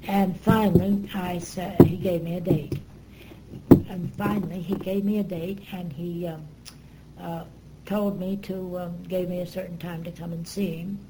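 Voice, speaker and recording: An older woman being interviewed recounts her memories earnestly and reflectively, with pauses and fillers. Her voice is lowish and level, and the recording is very noisy.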